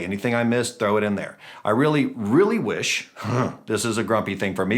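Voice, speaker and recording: A man hosting a gaming channel, giving chatty, self-mocking commentary on a battle with playful jumps in pitch. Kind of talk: casual game commentary.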